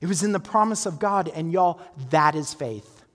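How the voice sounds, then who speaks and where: A man's voice: fairly high pitch, moderate pace, a bit bright, in a large hall. A male pastor preaching a sermon in a conversational way, often checking in with his listeners. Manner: conversational, asks listeners for agreement.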